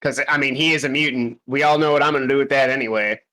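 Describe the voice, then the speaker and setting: A man's voice: medium pitch, fairly even intonation, fast talker, bright, forceful tone, low-quality recording. A man playing a tabletop game in casual chat, joking and asking questions about the rules. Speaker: player.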